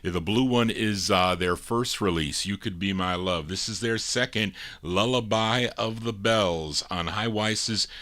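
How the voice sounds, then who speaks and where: A man hosting a live show of old records, with a fairly low voice that still comes across bright and forceful. He talks in a chatty way, full of dates and label details. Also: a little slow, hardly any pauses.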